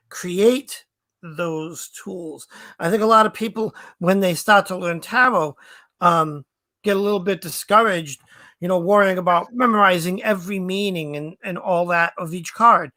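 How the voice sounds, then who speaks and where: A woman's voice: medium pitch, bright, forceful tone, dry recording. A woman hosting a stream, giving a chatty, encouraging tarot reading with lots of fillers. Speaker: tarot reader and stream host.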